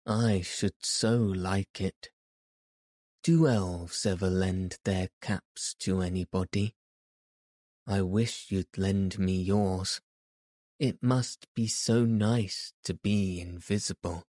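A man voicing a kind, timid young girl in a storybook reading, gentle and eager. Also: low voice, fairly even intonation, slow, no echo, studio quality.

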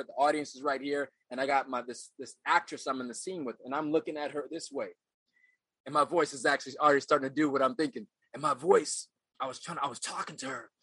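A middle-aged man speaks as a guest in a relaxed interview, earnest and reflective. He doubles back and repeats himself as he gathers his thoughts. His voice has a bright, forceful edge, and the sound is close and dry with almost no room. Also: on the high side, breathy edge, dry recording, low-quality recording. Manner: earnest, reflective, repeats phrases while searching for words. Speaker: podcast guest, actor. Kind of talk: casual interview storytelling.

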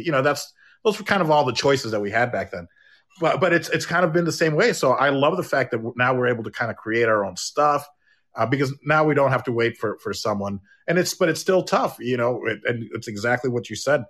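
A man's voice: medium pitch, expressive, a little fast, a bit bright. A middle-aged man hosting a podcast, chatting casually, rambling with many restarts and jokes. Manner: rambling, stumbling restarts, joking. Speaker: podcast host and comedian.

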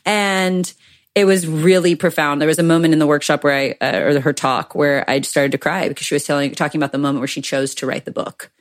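A woman's voice: sits low, steady tone, fast. A young adult woman co-hosting a podcast in casual chat, candid and effusive, swearing freely. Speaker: podcast co-host.

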